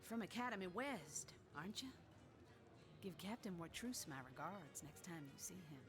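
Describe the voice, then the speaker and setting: A woman's voice: on the low side, expressive, moderate pace, lightly acted. A woman voicing a boisterous retired woman warrior with a Southern American accent, folksy and rousing in a video game. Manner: folksy, rousing, full of old sayings. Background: game music.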